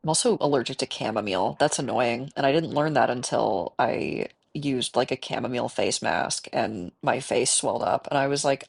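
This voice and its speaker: An extremely low, creaky and husky voice belongs to a woman from the American Midwest who has a cold. Streaming a game at a moderate pace with hardly any pauses, she rambles casually and talks to the animals on screen.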